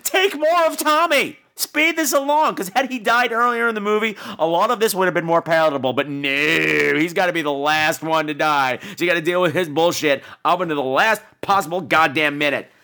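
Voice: medium pitch, fairly quick, hardly any pauses, bright, forceful tone. A podcast host giving a casual movie review in a sarcastic, exasperated rant.

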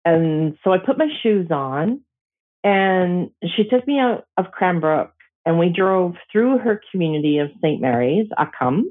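Gentle woman elder over tinny audio. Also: deep voice. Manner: slow, gentle, emotional telling with pauses. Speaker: Métis elder sharing a personal story. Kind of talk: reflective personal storytelling.

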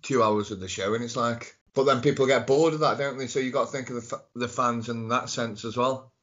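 A man's voice: mid-range voice, steady tone, brisk, fairly bright tone. Nasal young man from Stoke. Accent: Stoke-on-Trent English. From Stoke-on-Trent, England. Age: young adult. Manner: banter and jokes. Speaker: podcast guest. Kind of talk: casual chat. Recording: dull lo-fi audio.

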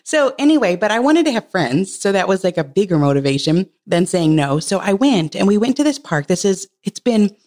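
A woman in her thirties, a podcast guest, telling a heartfelt personal story in casual conversation. She laughs often and leaps up in pitch when she quotes herself. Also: very animated, brisk, few pauses, darkish tone. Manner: earnest and heartfelt.

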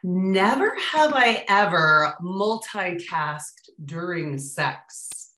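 A woman co-hosts a podcast with a bright, lively voice, drawing out her words slowly. She sits back from the mic, and the room adds a noticeable echo. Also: fairly low pitch, far from the mic. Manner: slow, drawn-out delivery, laughs often. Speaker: podcast co-host. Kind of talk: casual chat.

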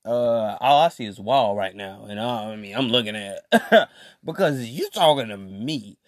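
A man's voice: on the low side, lively intonation, moderate pace, no echo, studio quality. A man hosting a podcast, telling a story to his listeners in a rambling, slang-filled casual monologue. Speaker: podcast host.

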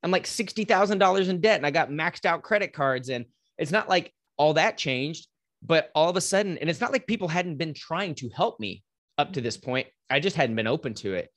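Man, podcast guest, energetic motivational storyteller, casual and blunt. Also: a little high, a little fast. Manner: animated, casual, swears, mimics voices in anecdotes.

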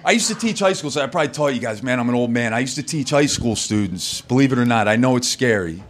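A man's voice: mid-range voice, animated, fast, slight background noise. A man doing live stand-up crowd work on a comedy club stage, loose, profane and teasing the audience.

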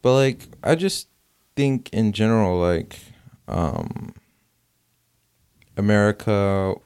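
A man's voice: fairly low pitch, expressive, takes it slowly, darkish tone, smooth. A young man talking loosely as a guest in casual conversation, with plenty of fillers and restarts.

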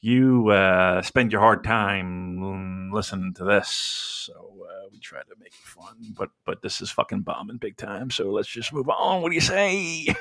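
A man's voice: on the low side, measured pace, a bit bright. A man co-hosting a casual comedy podcast, rambling, swearing freely and laughing at his own jokes. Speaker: podcast co-host.

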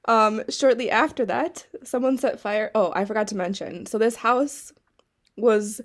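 A young woman co-hosting a podcast, telling a story in a casual chat, excitable and quick to giggle. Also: a little high. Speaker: podcast co-host.

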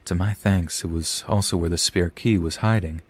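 A man's voice: low-pitched, steady tone, moderate pace, husky, no echo. A man, a podcast host, reading a scary story aloud with some dry asides.

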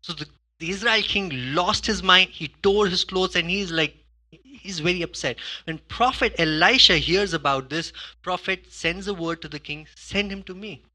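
Speaking at a moderate pace in a voice that sits high, this man delivers a sermon as a pastor in a conversational style. Quiet asides alternate with loud, emphatic bursts, and "okay?" and "you know" come up frequently.

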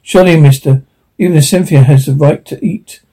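A man's voice: on the high side, fairly quick, warm tone, slightly rough, poor audio. A man voicing a timid alien native farmhand who pleads in a deferential way. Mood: pleading.

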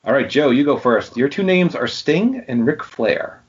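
A man's voice: medium pitch, animated, moderate pace, slight background noise. A man hosting a casual podcast trivia game, reading out questions and answers and laughing easily. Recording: dull lo-fi sound.

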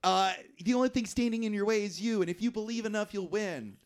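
A man's voice: high-pitched, fast, smooth, voice pushed up. A man voicing a young son who angrily curses at his father while quoting a movie scene. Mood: scolding. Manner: exasperated, swearing.

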